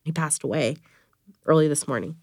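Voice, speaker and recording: A woman's voice: sits low, moderate pace, husky, no room sound, clean studio sound. A young woman in her twenties speaking bluntly and candidly in an interview, saying "like" often. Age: 20s. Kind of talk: emotional interview recollection.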